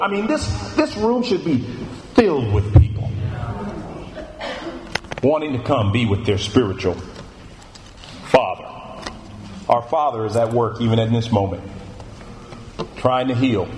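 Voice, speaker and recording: A man preaching a sermon in a church room, animated, repeating his phrases for emphasis. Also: medium pitch, unhurried, long pauses. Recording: echoey room with faint noise.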